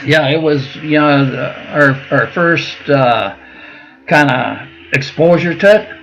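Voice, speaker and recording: Slow and gravelly, with a slightly high, fairly bright voice, an older veteran from Minnesota spins long stories in a casual interview. He rambles with frequent fillers and restarts, and the low-quality recording carries slight background noise.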